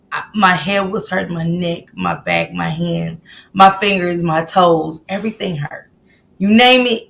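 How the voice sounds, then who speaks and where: A woman's voice: on the low side, vocal fry, fairly bright tone. A woman in her late forties hosting a live stream, chatting casually and greeting viewers by name. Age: 40s. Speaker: livestream host.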